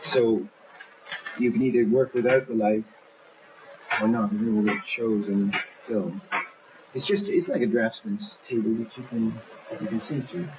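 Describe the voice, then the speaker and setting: On dull old film sound from the 1970s, with a faint hiss, a man explains his animation work in his studio for a documentary. He's lively, acting out scenes, and his voice is on the low side at normal speed.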